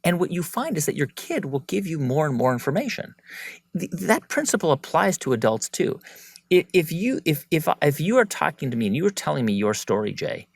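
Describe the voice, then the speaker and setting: A man speaking as a podcast guest in relaxed conversation, animated and often slipping into the voices of people he quotes. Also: on the high side, a little fast, gravelly, breathy edge, dry recording. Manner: animated, acts out quoted speech. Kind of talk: conversational interview.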